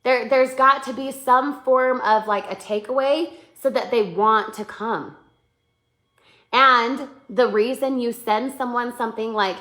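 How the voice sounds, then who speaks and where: A woman coaching her sales team in a live webinar, animated, acting out sample messages and often checking that her listeners follow. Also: a little high, unhurried. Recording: roomy echo.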